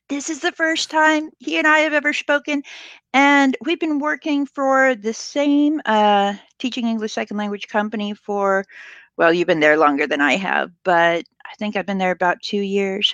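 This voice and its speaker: A woman's voice: high-pitched, moderate pace, fairly bright tone, no echo, lo-fi sound. A woman hosting a casual online interview show, chatty and upbeat, on a video call from home. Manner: chatty, upbeat, laughs easily. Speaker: host. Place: home, filmed live online.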